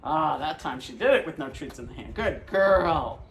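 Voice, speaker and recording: A man's voice: medium pitch, sing-song, brisk, gravelly, a bit bright, a little hiss or hum, poor audio. A man working as a dog trainer, patiently explaining a hands-on training demonstration and cheerfully praising the dog between steps.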